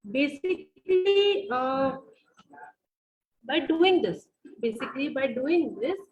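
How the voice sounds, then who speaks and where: A woman's voice: high-pitched, muffled recording. A woman with an Indian English accent teaching a university class over a video call, full of fillers, repeating her phrases and putting questions to the students. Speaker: university lecturer. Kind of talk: online lecture.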